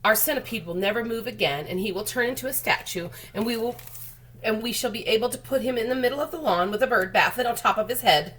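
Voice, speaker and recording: A woman's voice: on the high side, fast, fairly bright tone, voice pushed up, close to an everyday voice. A woman voicing a gloomy, fretful male earthworm who complains in a storybook reading. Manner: mournful, complaining.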